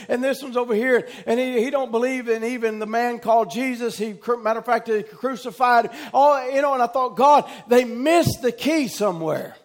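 In an extremely high-pitched voice with a Southern US accent, a middle-aged pastor delivers a repetitive, emphatic sermon. He cries out amen and rises into shouting.

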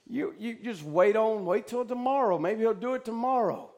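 A man voicing a sly male devil who coaxes in a quiet, low murmur. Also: normal speed. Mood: coaxing.

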